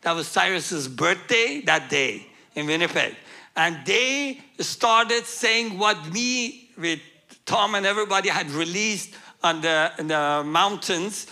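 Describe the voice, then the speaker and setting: Bright-voiced man telling an animated testimony. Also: sits high, slow. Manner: animated, acts out dialogue with humor. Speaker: guest speaker. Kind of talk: testimony storytelling.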